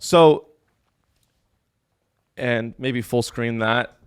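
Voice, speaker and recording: A man's voice: medium pitch, drawn-out words, clean tone, no room sound, clean studio sound. A man hosting a podcast, in crude, joking casual chat that rambles and trails off into fillers. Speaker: podcast host.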